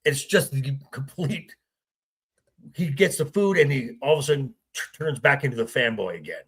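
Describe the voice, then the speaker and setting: A man with a husky, gravelly voice, a guest in a casual film discussion, retelling scenes haltingly. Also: mid-range voice, lively intonation, a bit bright. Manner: halting retelling with acted quotes. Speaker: podcast guest.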